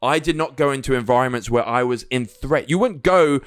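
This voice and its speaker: A man's voice: medium pitch, fairly quick, clean tone, no room sound, studio quality. A man co-hosting a podcast in casual chat, joking and swearing freely. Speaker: podcast co-host.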